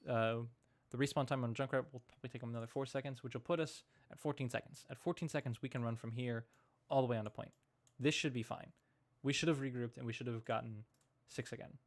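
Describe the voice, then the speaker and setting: A man's voice: mid-range voice, steady tone, fast talker, few pauses. A man coaching as he reviews team match footage, thinking aloud in a casual, analytical way with frequent restarts. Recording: noticeable background noise.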